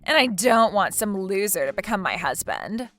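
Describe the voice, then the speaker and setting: A woman's voice: medium pitch, big pitch swings, normal speed, fairly bright tone, soft background music. A woman voicing a smug, scheming woman in a text message story, taunting and laughing mockingly. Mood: spiteful. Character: smug scheming woman who stole her friend's husband.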